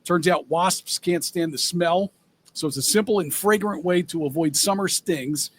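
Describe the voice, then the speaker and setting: A man co-hosting a podcast, reading out news stories in a measured way, with frequent "uh" fillers. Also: high-pitched, breathy edge. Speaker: co-host.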